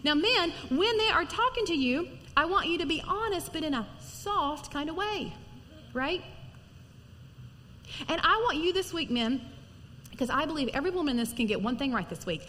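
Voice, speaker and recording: A middle-aged woman preaching a sermon in a church, earnest and conversational, sometimes dropping to a soft near-whisper. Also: high voice, lively intonation, moderate pace. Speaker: pastor's wife preaching. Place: large church hall. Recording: long hall reverb, faint noise.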